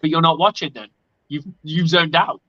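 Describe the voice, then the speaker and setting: A man's voice: fairly high pitch, steady tone, moderate pace, sharp tone. A man talking casually on a sports podcast, blunt and opinionated and swearing freely. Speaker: podcast co-host. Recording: lo-fi audio.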